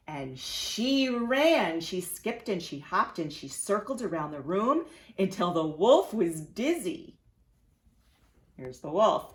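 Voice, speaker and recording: A woman's voice: fairly low pitch, roomy sound. A woman preschool teacher reading a storybook aloud to young children, inviting them to join in. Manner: animated, asks children to join in.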